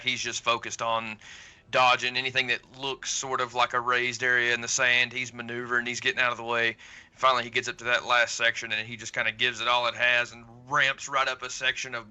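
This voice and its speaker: A man playing a tabletop war game, narrating his character's driving in a fast, excitable way and swearing casually over an online call. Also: medium pitch, clean tone. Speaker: player.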